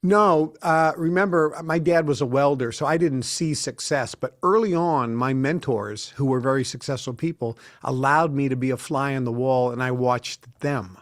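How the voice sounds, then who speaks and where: A middle-aged man as an interview guest, telling lively anecdotes and acting out the people he quotes. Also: mid-range voice, moderate pace, few pauses. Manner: animated storyteller who acts out quotes. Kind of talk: casual interview talk.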